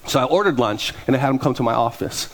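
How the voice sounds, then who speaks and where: A man's voice: mid-range voice, fast. A male pastor preaching a storytelling sermon, acting out both sides of conversations.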